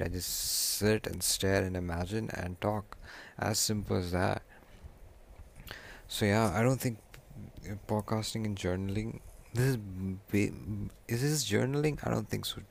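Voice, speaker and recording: Young male podcast host, very low gravelly voice, casual, rambling, self-correcting. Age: young adult. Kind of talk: casual solo podcast talk.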